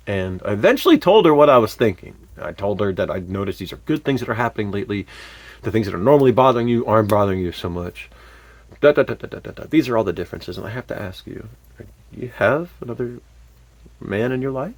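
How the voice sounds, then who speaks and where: A man telling a personal story in a candid, animated way, with frequent fillers and sudden swear words. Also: fairly low pitch, quick pace, husky, dry recording. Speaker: vlogger.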